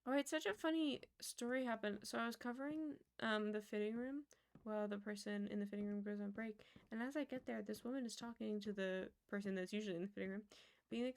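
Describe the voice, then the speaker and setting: A woman's voice: mid-range voice, fast talker, smooth. A young woman in her twenties streaming a building game, chatting casually and muttering counts under her breath.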